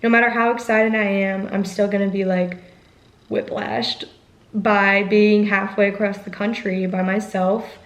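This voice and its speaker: A woman's voice: medium pitch, flat delivery, unhurried, echoey room, rough recording. A woman in her twenties talking candidly to camera in a casual vlog, full of "like" and "you know". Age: 20s. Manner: chatty, frequent "like" and "you know", candid and emotional. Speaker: vlogger.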